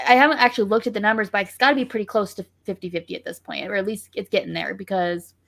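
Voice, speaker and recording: A woman co-hosting a podcast, telling stories in a relaxed, rambling way. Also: medium pitch, rapid-fire, gravelly. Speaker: podcast co-host. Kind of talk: casual podcast chat.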